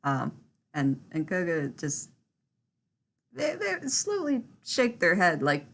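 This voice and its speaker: A woman's voice: lowish voice, huge pitch swings, slow pace, creaky. A woman playing in a tabletop role-play game, narrating her character's actions in a giggly, chatty way. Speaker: player.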